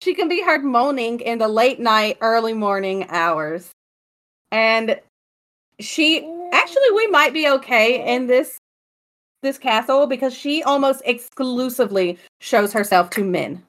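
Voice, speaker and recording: Woman, higher voice, joking storyteller, casual chat. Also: very animated, measured pace, a bit bright. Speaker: podcast co-host. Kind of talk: casual chat, telling ghost stories.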